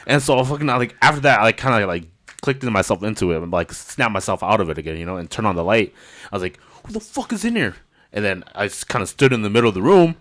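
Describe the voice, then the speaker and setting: A man, a podcast host and native Hmong speaker, telling a story in a casual, animated way, swearing often and keeping the listener hooked. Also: on the low side, rapid-fire. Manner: animated, profane, keeps saying "you know what I'm saying".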